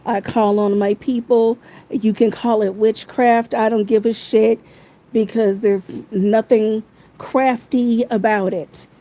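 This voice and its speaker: A woman's voice: fairly high pitch, steady tone, slow pace, mellow, poor audio. A woman in a heated, profane livestream rant, repeating her phrases over and over, talking into her phone.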